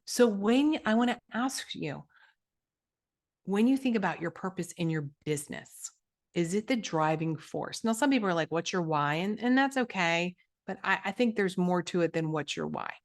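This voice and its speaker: A woman hosting her own podcast as a coach, teaching in a direct, energetic way with many asides and quick restarts. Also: mid-range voice.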